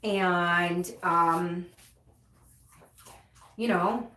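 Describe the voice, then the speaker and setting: A woman's voice: fairly low pitch, steady tone, very slow, sharp tone. A woman hosting a casual livestream, talking to her viewers frankly and emotionally and swearing casually. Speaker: livestream host, recovery coach. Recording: roomy echo, distant mic.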